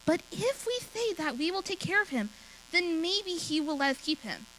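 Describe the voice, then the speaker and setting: A small, excited girl who loves dogs, put on by a woman reading aloud. The voice jumps way up high and sounds eager and pleading. Her tone swings around a lot, like a storybook read to a room. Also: normal speed, a little hiss or hum, full character voice.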